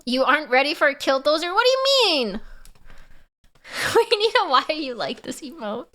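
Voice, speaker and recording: A woman's voice: sits high, expressive, unhurried, bright, forceful tone. A woman chatting casually on a livestream, laughing often and answering her chat. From Canada.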